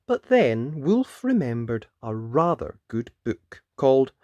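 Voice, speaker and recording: A woman reading a rhyming children's picture book aloud, expressive and sing-song. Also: very deep voice, slow, no echo, dull audio. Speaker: storybook reader.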